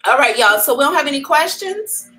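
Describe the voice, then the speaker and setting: A woman's voice: sits high, expressive, fairly quick, pushed and bright, faint music behind, poor audio. A middle-aged woman hosting a psychic livestream, chatting candidly and calling her viewers y'all. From America. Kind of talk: casual livestream chat.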